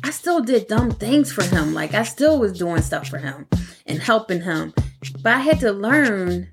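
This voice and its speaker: Animated, laughing woman with background music. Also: medium pitch, measured pace. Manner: animated, laughing, acts out quotes in voices. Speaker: podcast co-host. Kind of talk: casual podcast chat.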